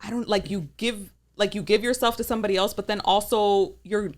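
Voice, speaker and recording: A woman's voice: medium pitch, steady tone, brisk. A woman in her thirties chatting casually as a podcast guest, telling stories with lots of "like" fillers and swearing. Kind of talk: casual chat.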